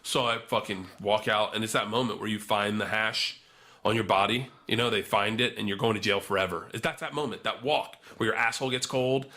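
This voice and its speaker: A man's voice: fairly low pitch, fairly even intonation, a little fast, bright, forceful tone. A man, a guest on a podcast, telling a long profane anecdote in casual chat, full of restarts.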